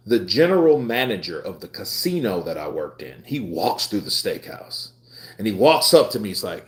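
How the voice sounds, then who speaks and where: At a normal speed, a man with a lowish, sing-song voice hosts a live stream. He's in his twenties, casual and laid-back, often laughing as he spins rambling anecdotes.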